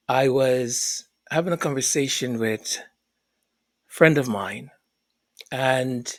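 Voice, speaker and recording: A musician telling a chatty, unhurried story to introduce one of his songs. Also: mid-range voice, no echo. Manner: unhurried, chatty, with pauses and fillers.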